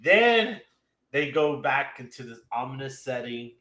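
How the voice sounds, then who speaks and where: A man's voice: medium pitch, very animated, measured pace, sharp tone, reverberant. A man casually recapping an anime episode, retelling scenes with laughs and little acted-out quotes. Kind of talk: casual chat.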